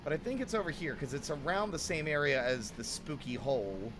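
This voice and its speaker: A man with a fairly high voice chats casually through a live stream, greeting viewers and reacting as he plays. His pitch swings widely, and clear background noise runs under his talk. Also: fairly quick. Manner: chatty, animated, reads and answers chat.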